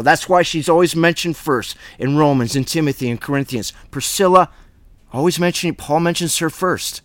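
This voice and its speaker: A man's voice: fairly high pitch, fairly bright tone, no room sound. Man leading a casual bible study. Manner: reads scripture then riffs on it with asides.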